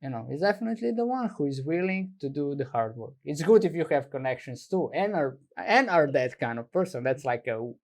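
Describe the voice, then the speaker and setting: A man's voice: fairly high pitch, very animated, fairly quick, few pauses, a little mellow. A man from Slovenia, an English speaker, hosting a casual interview and searching for words as he talks. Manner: searches for words, frequent backchannel murmurs. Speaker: talk show host.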